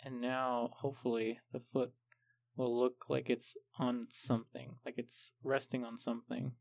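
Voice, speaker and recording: A man calmly explaining each step of a painting tutorial, unhurried and methodical. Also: mid-range voice, gravelly, dry recording. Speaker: art instructor.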